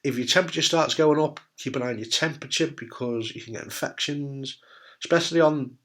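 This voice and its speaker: A middle-aged British man, a testicular cancer survivor, talks to camera with advice in a brisk, medium-pitched, fairly bright voice. He's candid, blunt and jokey, swears freely and keeps asking "right?"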